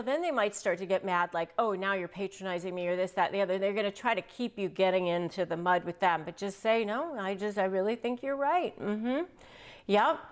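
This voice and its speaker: Lady talking straight to the camera giving advice, acts out little lines as she goes. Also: mid-range voice. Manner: animated, acts out sample lines in quotes. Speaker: family law attorney and video host. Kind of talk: direct-to-camera advice talk.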